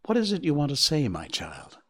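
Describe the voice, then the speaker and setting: A man voicing a calm, patient mother deer in a storybook reading, speaking softly and reassuringly. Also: fairly quick, full character voice. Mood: gentle. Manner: soft, low and reassuring.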